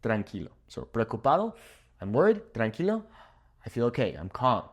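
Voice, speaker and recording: A young male Spanish teacher gives a video language lesson in a room with a whiteboard. His pitch is animated and his pace brisk, and he's upbeat and playful, joking and laughing at his own jokes.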